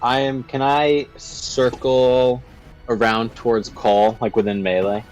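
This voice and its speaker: Chill guy at a tabletop game, reads rules out quick, soft music under it. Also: mid-range voice, flat delivery, muffled recording. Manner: laid-back, reads rules aloud quickly. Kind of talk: casual game chat. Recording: faint music behind the voice.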